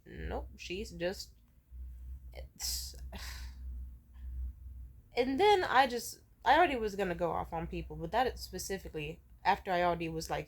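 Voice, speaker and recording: A woman's voice: lowish voice, expressive, a little slow, vocal fry, pauses often. A woman in her twenties telling a personal story in a casual vlog, emotional and profane as she rants. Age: 20s. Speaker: vlogger.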